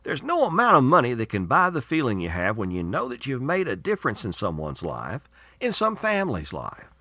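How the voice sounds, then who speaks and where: A man's voice: medium pitch, wildly swooping pitch, a little fast, sharp tone, no room sound. A man hosting his radio show, reading segments and promos in a folksy, earnest, persuasive way.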